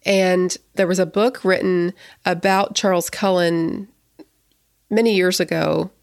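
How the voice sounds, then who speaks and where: A woman in her thirties hosting a podcast, chatting in a rambling, excitable way with frequent restarts. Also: on the low side, a little slow, creaky, no echo, clean studio sound. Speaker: podcast host. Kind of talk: casual podcast chat.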